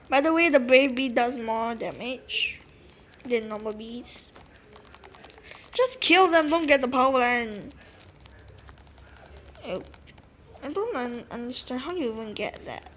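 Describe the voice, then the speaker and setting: A woman giving casual, excitable commentary while playing a game, talking to her viewers and often gasping. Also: a little high, a little hiss or hum. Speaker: gameplay narrator.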